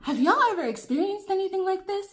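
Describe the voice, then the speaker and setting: A woman's voice: extremely high pitch, lively intonation, fast talker. A young woman telling viewers an emphatic, chatty story over a meal in a casual vlog. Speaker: vlogger. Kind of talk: casual storytime while eating.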